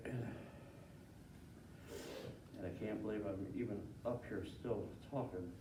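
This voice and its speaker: A man giving a halting, emotional eulogy for a loved one at a funeral. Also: lowish voice, steady tone. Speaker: family member giving a eulogy. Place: funeral home chapel. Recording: echoey room from far off, hiss.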